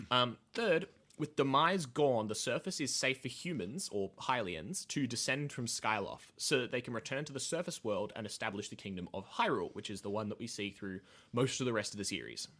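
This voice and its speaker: A man's voice: mid-range voice, animated, moderate pace, fairly bright tone. A man hosting a casual podcast, talking through game lore in a rambling, hesitant way with lots of fillers and swearing. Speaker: podcast host, lore explainer. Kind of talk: casual chat, explaining lore.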